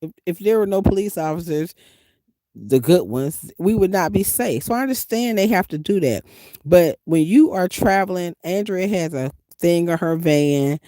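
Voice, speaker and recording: A woman from the US Midwest, a van-life vlogger chatting casually with viewers and telling her travel stories with animated, emphatic delivery. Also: moderate pace, no echo. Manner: animated, emphatic storytelling with big pitch swings. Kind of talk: casual livestream chat.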